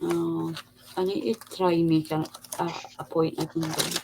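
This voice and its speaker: A woman's voice: sits low, flat delivery, normal speed, vocal fry, noisy background. A woman hosting a craft livestream, chatty and teasing, laughing a lot. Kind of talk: casual chat on a craft stream.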